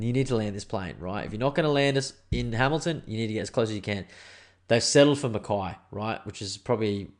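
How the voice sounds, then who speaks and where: A young Australian man in a casual podcast at home, spinning a yarn with animated, slangy energy and frequent swearing. His voice sits a little on the lower side. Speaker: podcast host. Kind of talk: casual storytelling. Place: indoors at home.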